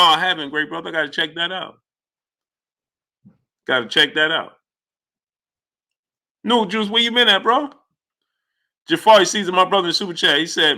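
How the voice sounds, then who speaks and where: Male sports streamer, high and lively, bright, incredulous, repeats lines. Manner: animated, incredulous, repeats phrases. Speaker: sports channel host. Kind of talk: live-stream commentary reading super chats.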